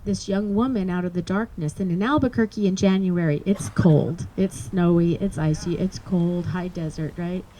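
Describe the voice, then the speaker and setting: A middle-aged woman telling a personal story to an audience, earnest and halting, with many restarts. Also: fairly low pitch, mellow, poor audio. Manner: earnest, halting, emotional recounting. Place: live performance space.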